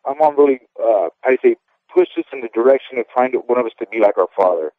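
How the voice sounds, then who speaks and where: A man's voice: mid-range voice, expressive, fast talker, no room sound. A man in his fifties, a former boxer, talking candidly and at length in a casual interview, often checking in with the listener as he goes. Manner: candid and rambling, often tags "okay?". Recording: tinny dry phone line.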